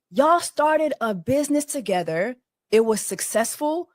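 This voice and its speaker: A sassy, expressive woman co-host tells stories in a casual chat. Her voice is a bit high and comes across close and dry, with no room sound. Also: measured pace, no room sound.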